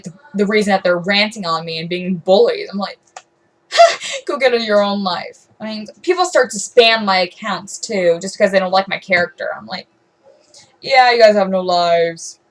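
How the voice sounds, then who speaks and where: Teenage girl, vlog rant, rambling, aggrieved, lots of fillers, mid pitch. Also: rough recording. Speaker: vlogger.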